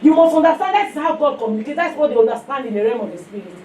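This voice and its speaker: Nigerian woman preacher with a high voice and lively stories, recorded far off in an echoey room. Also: rapid-fire, a crowd in the background. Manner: animated storytelling with call-and-response. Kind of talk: sermon. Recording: echoey room, far from mic, faint noise.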